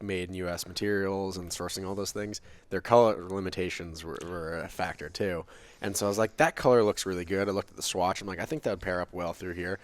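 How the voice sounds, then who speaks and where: A young man with a very low voice chats casually as a podcast guest. He rambles with fillers and laughs often. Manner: relaxed, chatty, many "like" fillers, laughs often. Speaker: guest, company founder.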